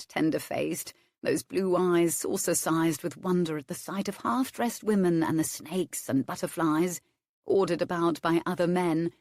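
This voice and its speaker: A woman reading a romance novel aloud as its narrator, measured and expressive. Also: on the low side, no echo, clean studio sound. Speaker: audiobook narrator.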